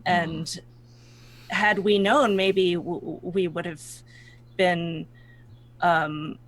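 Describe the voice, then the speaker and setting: An apologetic knight, voiced by a man in a tabletop game, answering a king's question. The speech is very slow and halting, and the voice is high for a man. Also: fairly even intonation, a bit bright, heavily acted. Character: Sir Elaine, apologetic male knight.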